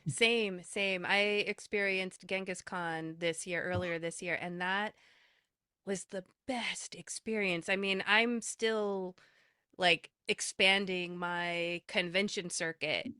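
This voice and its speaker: A woman hosting a casual podcast interview, eager and curious, quick to agree with her guest. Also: lowish voice, steady tone, pushed and bright, clear, resonant tone, no room sound, studio quality. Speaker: podcast host.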